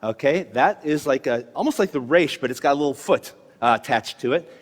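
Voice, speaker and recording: A man leading an informal Hebrew lesson for a congregation, prompting the group to repeat sounds and clearing his throat now and then. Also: mid-range voice, expressive, a little fast. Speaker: Hebrew teacher at a congregation service. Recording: long hall reverb.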